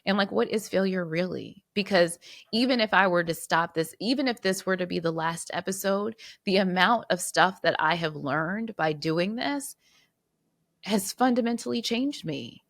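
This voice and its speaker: A woman's voice: mid-range voice, moderate pace, vocal fry, no room sound, studio quality. A woman hosting her podcast solo, reflecting earnestly and fighting back tears, with restarts and repeated words. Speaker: podcast host.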